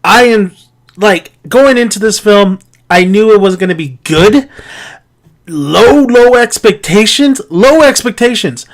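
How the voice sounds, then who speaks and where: High-voiced man ranting a film review. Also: animated, measured pace, fairly bright tone. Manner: exasperated, incredulous rhetorical questions; profane, laughs between points. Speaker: movie reviewer.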